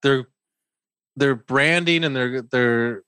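A man in casual podcast chat, wandering through his thoughts with many restarts and bursts of laughter. His voice sits mid-pitch and is captured dry and close with no room sound. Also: slow, pushed and bright, smooth, no room sound. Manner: laughs often, rambling with restarts. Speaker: podcast co-host.

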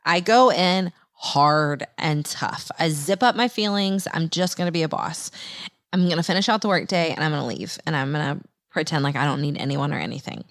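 Animated woman podcast host telling a story. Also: no echo, studio quality. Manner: animated, acts out her own quoted voice in higher pitch. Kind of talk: personal storytelling on a faith podcast.

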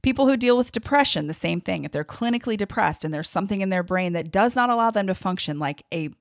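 A woman's voice: mid-range voice, animated, fast, gravelly, hardly any pauses, dry recording, studio quality. A woman hosting a podcast, speaking with angry, emphatic passion and openly worked up. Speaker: podcast host. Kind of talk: impassioned podcast commentary.

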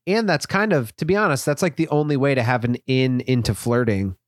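A man's voice: mid-range voice, brisk, no echo, clean studio sound. A young man co-hosting a comedy podcast, rambling and self-deprecating, often laughing. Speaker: podcast co-host. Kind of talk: casual comedic chat.

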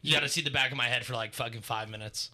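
A man co-hosts a podcast in loose, crude casual chat. He rambles through his stories. His voice is very bright and sharp. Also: mid-range voice, steady tone, racing. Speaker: podcast co-host.

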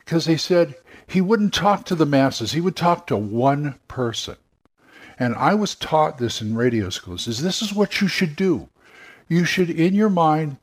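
This older game master, once in radio, has a mid-range voice and a casual, meandering way of talking, regularly throwing in quick impressions of characters.

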